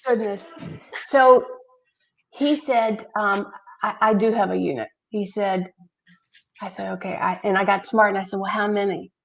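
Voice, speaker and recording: Woman telling lively stories. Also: medium pitch, unhurried, gravelly, poor audio. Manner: animated anecdotes, acting out quoted dialogue. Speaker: charity founder, guest. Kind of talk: conversational storytelling interview.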